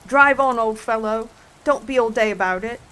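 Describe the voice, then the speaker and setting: A woman voicing a gruff, bossy male griffin in a storybook reading, speaking loudly and brusquely. Her pitch sits a little high. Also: normal speed, lightly acted. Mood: scolding.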